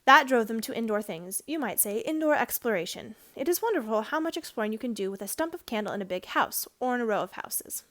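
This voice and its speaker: A woman's voice: a little high, expressive, quick pace, hardly any pauses. Woman reading a storybook aloud. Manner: gentle, clear reading with occasional self-corrections.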